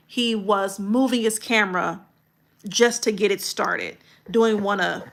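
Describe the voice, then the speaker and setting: A woman coaching content creators in a livestream video critique, talking in a direct, colloquial and animated way. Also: mid-range voice, moderate pace, creaky.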